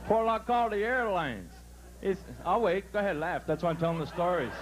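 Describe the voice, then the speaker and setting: A man's voice: high voice, animated, fast, background noise. A man doing brash live stand-up comedy, working the crowd with punchy delivery on a resort club stage.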